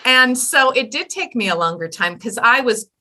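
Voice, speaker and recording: A middle-aged woman, a widowed mother, speaking candidly in an interview, an expressive storyteller who moves between animated and quiet moments. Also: on the high side, moderate pace. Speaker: podcast guest, widowed mother.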